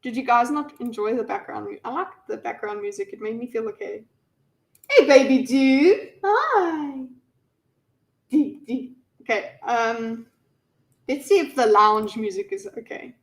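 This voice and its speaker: A woman's voice: on the high side, moderate pace, creaky. A woman chatting to her viewers on a live stream. She rambles and fills her speech with ums and restarts. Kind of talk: casual live-stream commentary. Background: faint background music.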